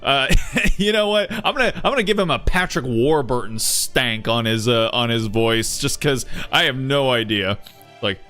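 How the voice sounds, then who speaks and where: A man's voice: medium pitch, moderate pace, faint music behind. A man streaming a game, chatting casually, joking and swearing as he reads it out. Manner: animated, joking, swears often.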